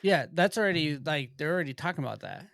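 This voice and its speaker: Guy teasing his cohosts on a podcast, slightly high voice, dry close sound. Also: expressive, fast talker, vocal fry, a bit bright, dry recording. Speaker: podcast co-host. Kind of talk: casual chat.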